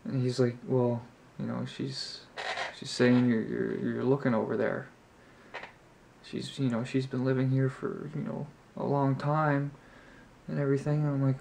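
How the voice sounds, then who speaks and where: A young vlogger with a creaky, slightly mellow voice speaks expressively at normal speed, recounting a story to his camera in his apartment at night. He's chatty, rambling and exasperated, and he mimics others in a high voice. The camera mic catches slight background noise.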